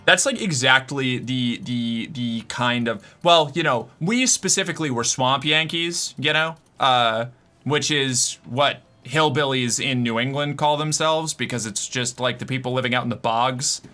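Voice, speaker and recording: A man's voice: mid-range voice, a little slow, sharp tone. A man chatting casually on a live stream, loose and joking, swearing and laughing as he plays.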